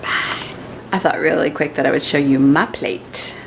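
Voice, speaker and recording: A young woman talks casually to her camera at home, upbeat and rambling. Her voice sits a little low. A faint hum of the room runs underneath. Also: moderate pace, vocal fry. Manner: chatty, cheerful, talks to her pets in baby talk. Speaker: vlogger. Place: home kitchen and living room.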